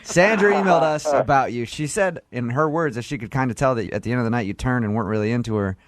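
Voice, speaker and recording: A man's voice: mid-range voice, quick pace. A man hosting a morning radio show, playful and teasing, laughing often as he talks to callers. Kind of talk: morning radio prank-call chat.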